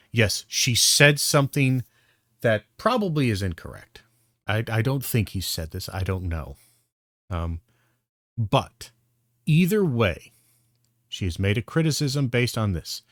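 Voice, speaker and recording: A man's voice: mid-range voice, a bit bright, dry recording, studio quality. A man giving blunt, profane reaction commentary, exasperated and full of restarts. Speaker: commentary streamer.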